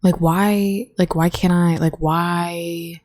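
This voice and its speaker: A young woman hosting a casual solo podcast into her own microphone, rambling, swearing and sounding flatly bored. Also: on the low side, slow, dry recording, studio quality. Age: young adult. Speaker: college student podcast host. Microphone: own desk microphone.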